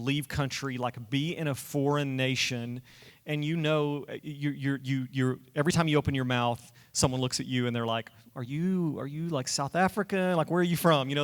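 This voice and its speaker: A man co-hosting a casual church-stage conversation, talking in a halting, self-correcting, friendly way. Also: medium pitch, fairly bright tone, smooth. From United States. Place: church hall. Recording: echoey hall reverb.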